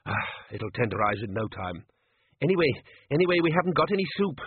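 A man's voice: medium pitch, big pitch swings, slight background noise, voice pushed up, lightly acted. A man voicing a scheming restaurant manager who barks orders at his kitchen staff, on a tinny, phone-like recording. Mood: bossy. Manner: bossy, quick and commanding. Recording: tinny phone-like dry audio.

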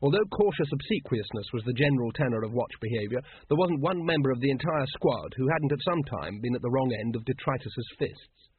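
A man's voice: medium pitch, expressive, brisk, few pauses, slight background noise. A man reading a comic fantasy story aloud, with a dry, wry narrating manner. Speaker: audiobook narrator. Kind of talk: scripted narration. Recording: phone-like narrow band.

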